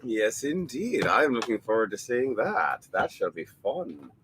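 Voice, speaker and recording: A man's voice: on the low side, very animated, measured pace, noisy background. A man from New York City hosting a casual drinking chat outdoors, playfully singing a folk song with guitar. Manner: playful, sings in a mock old-timey folk voice. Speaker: host and folk singer. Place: outdoors by a tent.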